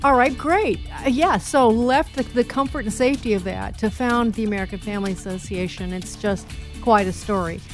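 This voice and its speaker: A woman's voice: mid-range voice, a little fast. A woman hosting a radio talk show, speaking emphatically and admiringly. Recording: dry studio with faint music.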